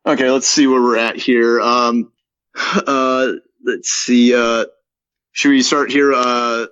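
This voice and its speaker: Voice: mid-range voice, little pitch movement, slow, fairly bright tone, no room sound. A podcast co-host chats casually and reads stage directions from a screenplay. The delivery is hesitant and full of filler uhs. The audio is a little dull and muffled, with dry sound. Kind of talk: casual chat and reading a script aloud.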